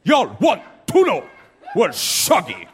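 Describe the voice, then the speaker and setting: A stand-up comedian doing an impression of a boisterous male reggae star in a put-on Jamaican accent, making slow, preachy proclamations on stage. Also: high-pitched, wildly swooping pitch, breathy edge, full character voice. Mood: boastful. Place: live comedy venue.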